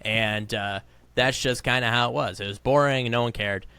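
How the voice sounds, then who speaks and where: Bright-voiced young male podcast co-host. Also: mid-range voice, fairly quick, vocal fry, smooth, no room sound. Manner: chatty, joking, lively. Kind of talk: casual podcast chat.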